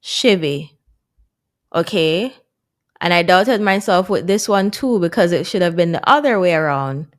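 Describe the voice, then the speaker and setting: A woman vlogs casually to her viewers while working through a language course, chatting away and laughing at her own mistakes. Her voice sits on the low side, with lively intonation at a normal speed.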